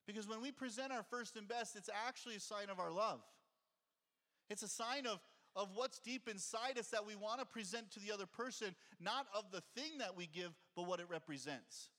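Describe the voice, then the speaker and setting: A man's voice: high-pitched, normal speed, pushed and bright, long reverb tail. A male pastor preaching a conversational sermon and reading scripture aloud, heard in a church sanctuary.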